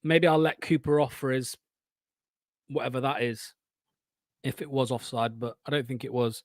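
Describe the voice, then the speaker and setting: A man, hosting a fan watchalong stream and giving excitable, sweary live match commentary. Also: medium pitch, normal speed, no room sound.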